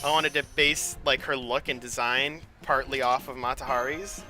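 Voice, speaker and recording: A man's voice: mid-range voice, steady tone, normal speed. A young man rambling casually on his gaming stream, chatty and loose, with swearing. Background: game music playing.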